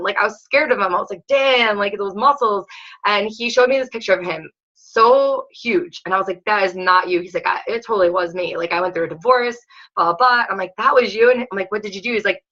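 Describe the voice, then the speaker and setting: Excitable female health coach, bright voice, story-driven pep talk, casual and a bit profane, dull lo-fi recording. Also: mid-range voice. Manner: excitable storyteller, acts out quotes, many "like"s, casual swearing. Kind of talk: motivational talk to her coaching team.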